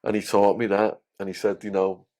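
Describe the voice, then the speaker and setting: A man telling his story as a podcast guest, animated and swearing freely. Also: on the low side, a little fast.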